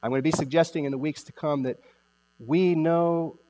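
A male pastor preaching a sermon, emphatic, repeating key phrases and slowing down to stress them. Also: fairly high pitch, steady tone, warm tone, big-room sound.

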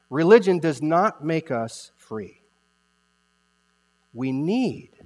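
A male pastor preaching a sermon, emphatic, repeating key phrases and slowing down to stress them. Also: medium pitch, darkish tone, big-room sound.

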